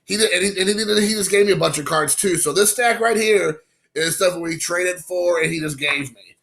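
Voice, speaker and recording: Bright-voiced man chatting about cards. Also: high-pitched, moderate pace, creaky. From Indiana, USA. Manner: rambling, excited storytelling with quoted asides. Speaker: card-collecting channel host. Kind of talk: casual vlog chat.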